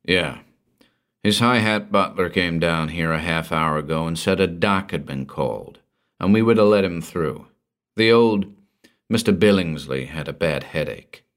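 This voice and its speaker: Deep-voiced guy reading as a gruff raspy bodyguard, blunt and offhand. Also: unhurried. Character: gruff, tough hired bodyguard, middle-aged man.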